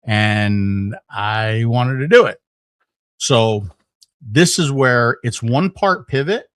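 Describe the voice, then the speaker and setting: A middle-aged man, a podcast guest, telling a story in casual conversation, animated, with lots of fillers and restarts. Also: mid-range voice, takes it slowly, no echo.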